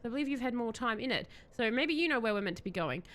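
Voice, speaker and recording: A woman's voice: fairly high pitch, expressive, quick pace, fairly bright tone. A woman streamer chatting casually and telling a rambling story, giggling often.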